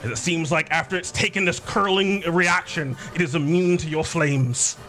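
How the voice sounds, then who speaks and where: A man narrating a tabletop game as game master, describing monsters with halting fillers. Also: on the high side, sharp tone, soft background music.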